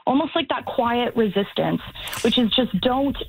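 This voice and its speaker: A woman phoning in to a radio program, chatting casually and animatedly. Her voice sits a little high, and she restarts phrases as she goes. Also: expressive, normal speed, gravelly, a little mellow, a little hiss or hum, rough recording. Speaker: caller. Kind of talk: radio call-in.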